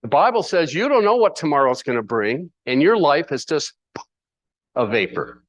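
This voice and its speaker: Lively, playful male Bible teacher. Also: on the high side, moderate pace, no room sound. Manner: conversational, playful asides, rhetorical questions. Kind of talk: sermon teaching.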